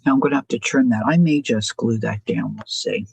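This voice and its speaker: A woman's voice: extremely low pitch, fairly quick, vocal fry, a little mellow, slightly rough, rough recording. A woman hosting a craft live stream, chatting casually and musing aloud about her choices as she works, often asking her viewers what they think. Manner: chatty, muses aloud, asks viewers questions.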